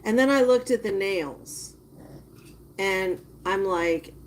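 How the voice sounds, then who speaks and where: Woman, live-stream chat, unhurried delivery, disgusted reactions, talks to viewers. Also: mid-range voice, slight background noise. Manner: disgusted, drawn-out reactions while chatting to viewers. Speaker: livestreamer. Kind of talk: casual live-stream commentary.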